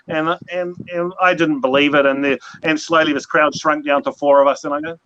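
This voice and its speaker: A man's voice: a little high, fairly even intonation, brisk, fairly bright tone. A man with a New Zealand accent, hosting a casual chat and telling long, rambling stories with many restarts. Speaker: host. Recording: dull lo-fi audio, faint noise.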